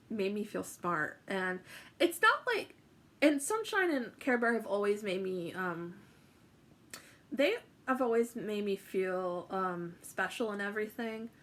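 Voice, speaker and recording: A woman's voice: a little high, a bit bright. A young woman telling a personal story to camera, chatty and emotional, with many fillers and restarts. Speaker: vlogger.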